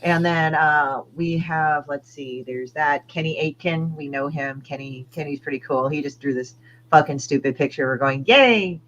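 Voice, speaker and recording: A woman's voice: deep voice, steady tone, moderate pace, highs cut off, a little hiss or hum. A woman comic artist as an interview guest, chatting casually and crudely with lots of fillers. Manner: rambling, crude, hesitant fillers.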